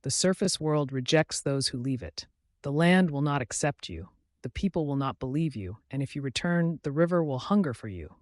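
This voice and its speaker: Solemn river spirit, male, measured and grave, animated pitch, voiced by a man. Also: no room sound, clean studio sound, natural voice. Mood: stern.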